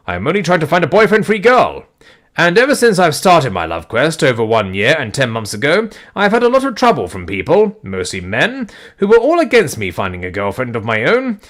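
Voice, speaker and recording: A man's voice: fairly high pitch, fairly bright tone. A man voicing an indignant young man on a love quest, talking emphatically and defensively.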